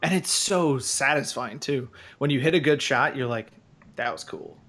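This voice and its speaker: This podcast co-host speaks at normal speed in a mid-range, somewhat bright voice. His casual conversation wanders, full of filler words and false starts.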